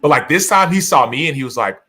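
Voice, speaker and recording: A man's voice: fairly high pitch, lively intonation, quick pace, pushed and bright. A man in his thirties, a podcast guest and author, telling stories animatedly in a casual interview, acting out quotes with many restarts.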